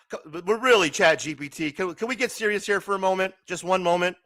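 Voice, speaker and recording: Man, high and bright, hosting a loose late-night stream, animated, jokey, swears. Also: fairly quick. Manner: animated, chatty and joking, often laughing and swearing. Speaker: livestream host. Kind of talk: casual late-night livestream chat.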